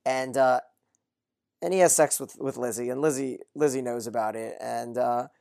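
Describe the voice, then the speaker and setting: A podcast host who reads listener mail and recaps a TV episode in a brisk, steady run of summary. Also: medium pitch, vocal fry.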